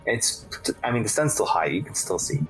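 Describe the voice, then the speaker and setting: Man running a tabletop game, expressive. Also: lowish voice, a little fast, soft background music, low-quality recording. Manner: casual, hesitant with fillers, laughs often. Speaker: game master.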